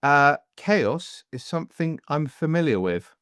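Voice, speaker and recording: A man's voice: on the high side, very animated, a little slow, fairly bright tone, no room sound. A man hosting a podcast in casual chat, rambling and jokey, often slipping into voices while telling stories, recorded close on a studio mic. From Devon, England. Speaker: podcast host. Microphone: headphones and studio mic.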